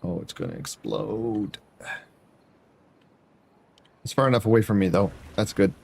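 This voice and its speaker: A man's voice: lowish voice, fairly even intonation, unhurried, creaky, a little mellow. A man streaming a building game, chatting casually and talking to viewers by name as he plays. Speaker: variety streamer. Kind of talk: casual gameplay commentary.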